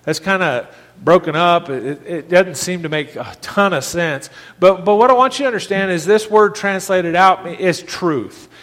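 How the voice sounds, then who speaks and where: High-voiced preacher in a reverberant hall. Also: male voice, moderate pace, hardly any pauses, fairly bright tone. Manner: conversational preaching with frequent restarts and rising emphasis. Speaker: pastor. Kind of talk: sermon.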